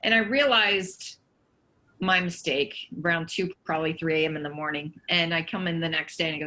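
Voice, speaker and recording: A woman recounting career stories on a panel over a video call. Her voice sits low for a woman yet comes across bright and forceful. She talks in an animated, storytelling way, with laughter here and there. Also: a little fast, rough recording. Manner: lively anecdotes with laughter.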